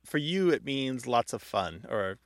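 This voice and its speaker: A man's voice: mid-range voice, animated, unhurried, no echo, clean studio sound. A man co-hosting a radio show, teasing callers in a playful way. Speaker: radio co-host.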